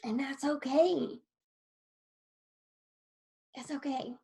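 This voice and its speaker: A woman with a high voice talks casually and earnestly to camera from her desk at home. She coaches and encourages the listener, and her talk turns heartfelt. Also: very slow, gravelly, dark tone, low-quality recording. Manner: earnest and encouraging, grows emotional. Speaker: wellness coach. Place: home desk in a sunny room.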